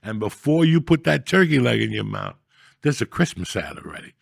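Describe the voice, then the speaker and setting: A man with a heavily gravelly, rough voice tells stories in a loud, profane, animated rant, full of shouting bursts. The sound is dry and close. His pitch sits in the middle for a man. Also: fairly quick, no room sound. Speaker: podcast host. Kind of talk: casual comedic rant.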